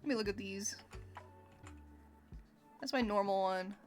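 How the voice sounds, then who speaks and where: A woman livestreaming a video game, chatting casually with her viewers in a giggly, expressive, playfully complaining way. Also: mid-range voice, measured pace. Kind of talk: casual gameplay chat with viewers. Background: faint game music.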